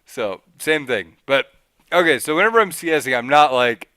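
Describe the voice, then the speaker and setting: A man hosting a casual gaming podcast, explaining things in an animated way and acting out his own thoughts in quick little voices. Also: mid-range voice, clean tone, dry recording. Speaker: podcast host.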